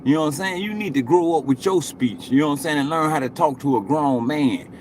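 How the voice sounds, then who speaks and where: A man's voice: a little high, quick pace, slight background noise. A man in his late forties chatting casually to viewers on a live stream, rambling and cursing, and tagging most thoughts with "you know what I'm saying.". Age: 40s.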